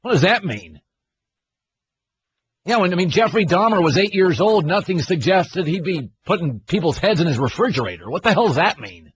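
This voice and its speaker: A man's voice: sits high, very animated, normal speed, dull audio, a little hiss or hum. A man hosting a sports radio show, ranting and sarcastic in disbelief. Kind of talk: opinionated sports talk.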